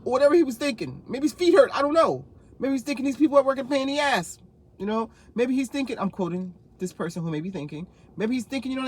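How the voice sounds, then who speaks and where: Woman, 50s, from New Jersey; casual vlogger, rambling anecdotes, quick laughs, lots of asides. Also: high-pitched, lively intonation, slight background noise. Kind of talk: casual storytelling to camera.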